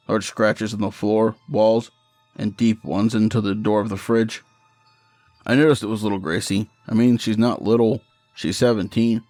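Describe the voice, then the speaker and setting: A man's voice: lowish voice, darkish tone, no room sound, clean studio sound. A man reading a first-person horror story in a matter-of-fact, profane storytelling manner.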